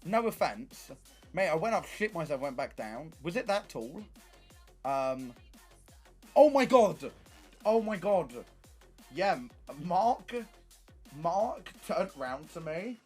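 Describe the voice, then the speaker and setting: A young man streaming, telling stories in casual chat, animated and swearing often. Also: a little high, takes it slowly, slightly rough, faint music behind.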